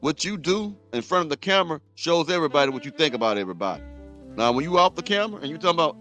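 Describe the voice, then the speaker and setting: Brief: male reaction host, blunt heated rant, a bit high-voiced, soft music bed underneath. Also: expressive, very fast. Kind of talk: commentary rant.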